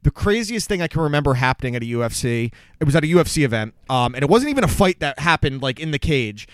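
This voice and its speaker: A man's voice: on the high side, very animated, fast, no echo. Joking podcast guy, dry close mic. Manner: joking, swears freely, asks interview questions. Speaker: podcast co-host. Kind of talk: casual chat.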